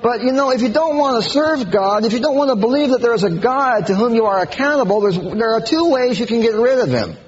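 Animated high-voiced preacher man. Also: a little fast, hardly any pauses. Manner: animated, mocking impressions with sudden high-pitched outbursts. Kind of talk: sermon. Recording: slightly dull lo-fi recording with faint hiss.

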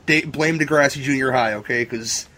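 A man's voice: mid-range voice, moderate pace, sharp tone. A man chatting casually as a podcast co-host, laid-back and joking. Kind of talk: casual chat.

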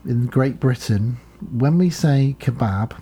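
A British man co-hosting a chatty comedy podcast, his voice dark and mellow with a husky grain. He tells stories in a loose, joking way and slips into quoting people. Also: medium pitch, slow. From United Kingdom. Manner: storytelling with acted quotes, frequent laughter. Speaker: podcast co-host. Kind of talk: casual comedic chat.

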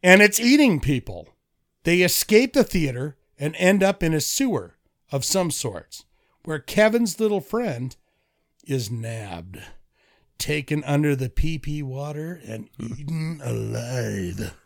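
A man's voice: a little high, big pitch swings, unhurried. A man co-hosting a casual podcast, reading movie trivia aloud with playful emphasis. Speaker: podcast co-host. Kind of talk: casual chat.

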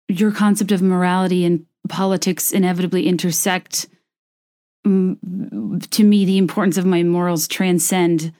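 A young woman giving a personal monologue to camera, earnest and impassioned, often halting and restarting mid-thought. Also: fairly low pitch, dark tone. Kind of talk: personal monologue to camera with a read-aloud passage.

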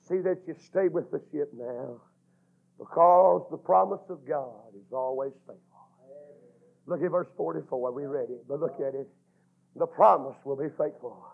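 A man preaching a fervent sermon, chanting his phrases with drawn-out "uh"s and building to shouts. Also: a little high, vocal fry, breathy edge. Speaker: Baptist preacher. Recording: tinny, phone-like lo-fi sound.

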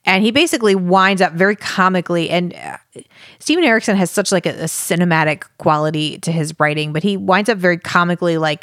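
A woman's voice: lowish voice, a bit bright, no echo, studio quality. A woman co-hosting a podcast, chatting casually about a book with many fillers, restarts and laughs. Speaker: podcast co-host.

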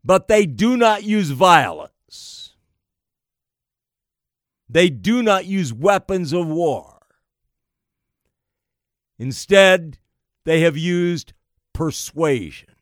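A man delivering an emphatic political monologue, slow and deliberate, piling up phrase after phrase. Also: high voice, very animated, no room sound, clean studio sound. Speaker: political commentator.

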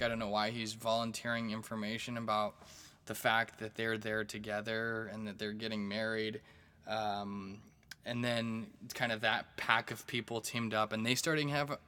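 A man's voice: fairly low pitch, pushed and bright. A male stand-up comedian telling stories in a rambling, profane way, with plenty of fillers and restarts. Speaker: stand-up comedian and podcast host. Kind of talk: casual storytelling monologue.

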